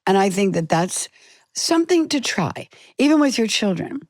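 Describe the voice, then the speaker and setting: An older woman, an actress being interviewed, telling stories in an animated way and acting out the voices she quotes. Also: medium pitch, normal speed, dry recording, clean studio sound. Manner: animated storytelling, acts out quotes. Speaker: guest, actress. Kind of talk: conversational interview.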